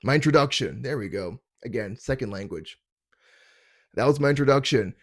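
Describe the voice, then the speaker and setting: A man's voice: medium pitch, animated, normal speed, no room sound, studio quality. A young adult man from Canada hosting a comedy podcast from his parents' basement, telling stories in a rambling, self-deprecating way and stumbling over his words. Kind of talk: casual comedic storytelling.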